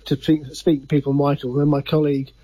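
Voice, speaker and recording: A man's voice: on the high side, flat delivery, fast, warm tone, slightly rough, no room sound, rough recording. A man who is a sports journalist, hesitant, repeating words as he explains a story.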